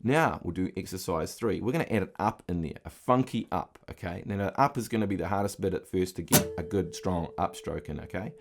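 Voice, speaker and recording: The voice is low-pitched and fairly quick with few pauses: a middle-aged man teaching guitar, patiently explaining and calling out the count while he strums. His acoustic guitar rings loudly underneath.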